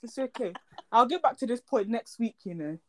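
Young woman, podcast co-host, bright higher voice, rambling jokey chat. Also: expressive, brisk. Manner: rambling, jokey, loses her train of thought. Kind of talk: casual chat.

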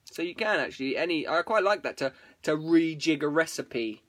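Hosting a live stream, this man chats to viewers in a rambling, sweary way, often cutting himself off mid-sentence. His voice sits on the high side with lively intonation and a fairly bright tone, at normal speed. The recording is dry.

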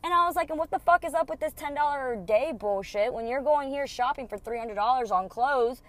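A woman's voice: sits high, a little fast. A young woman angrily retelling a personal feud in a casual storytime rant, swearing freely and acting out the other people's lines. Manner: heated, profane, animated retelling with quoted dialogue.

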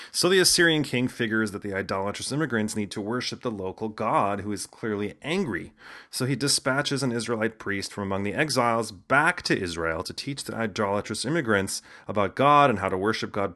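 A man's voice: on the low side, lively intonation, moderate pace, sharp tone. Wry man narrating with casual asides. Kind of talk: humorous scripted narration.

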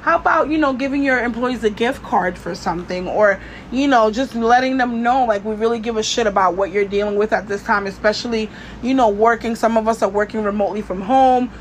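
A woman's voice: on the high side, fairly quick, slight background noise. Blunt, profane woman podcaster venting. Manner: blunt, profane, lots of "you know". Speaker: podcast host. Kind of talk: casual venting monologue.

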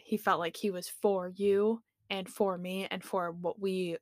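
A woman co-hosting a podcast, talking in a measured, logical and reflective way during casual conversation. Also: medium pitch, fairly even intonation, no echo, studio quality. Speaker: podcast co-host. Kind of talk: casual chat.

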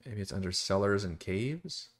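A man's voice: on the low side, animated, moderate pace, breathy edge. A man from Texas, a dungeon master rambling casually through campaign prep on a live stream, restarting sentences and cursing now and then. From Texas, USA.

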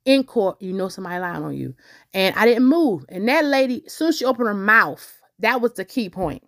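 A woman hosting a podcast, telling a personal story in a casual, animated way and talking straight to her listeners. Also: medium pitch, fairly quick. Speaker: podcast host.

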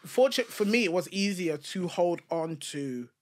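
A British man, co-hosting a podcast in a casual chat, telling stories animatedly with quick restarts. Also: sits high, animated. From United Kingdom. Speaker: podcast co-host.

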